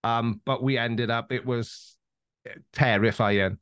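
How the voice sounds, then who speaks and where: A man with a Welsh accent spins animated anecdotes as a podcast guest, often restarting his sentences mid-thought. His voice sits at an ordinary middle pitch for a man. The recording is close and dry, with no room echo. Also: slow, clean tone. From Wales. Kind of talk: casual interview chat.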